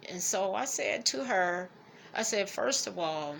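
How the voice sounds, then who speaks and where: A middle-aged woman talks slowly in a personal vlog, her voice gravelly and full of fry. She speaks haltingly and emotionally, restarting her words as she fights back tears. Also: medium pitch, lively intonation, a bit bright, a little hiss or hum. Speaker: vlogger. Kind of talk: personal reflection to camera.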